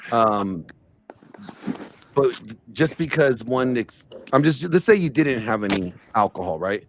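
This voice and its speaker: A man on a casual streamed discussion, explaining his point slowly with many fillers and restarts. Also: medium pitch, animated, a little hiss or hum. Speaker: panelist in a stream debate.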